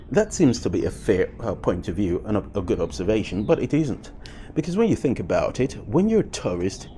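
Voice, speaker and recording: A man talking through his thoughts in a casual commentary video, pausing often with fillers and restarts. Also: lowish voice, mellow, slight background noise. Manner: reflective, with frequent fillers and restarts. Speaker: vlogger.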